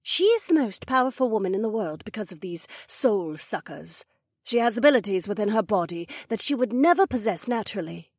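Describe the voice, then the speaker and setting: A woman voicing a proud she-wolf duchess who explains things in a measured, serious way. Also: medium pitch, animated, slightly rough, dry recording, studio quality. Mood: grave. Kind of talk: audiobook dialogue acting.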